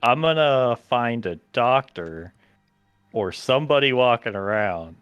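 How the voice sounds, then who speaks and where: Sarcastic male player, mid pitch, close and dry mic. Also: lively intonation, unhurried, fairly bright tone, clear, resonant tone, no echo, muffled recording, soft background music. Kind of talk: casual tabletop game chat.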